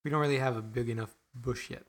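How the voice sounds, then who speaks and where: A man in casual chat, adding quiet, dry jokey asides. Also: medium pitch, fairly even intonation, fast.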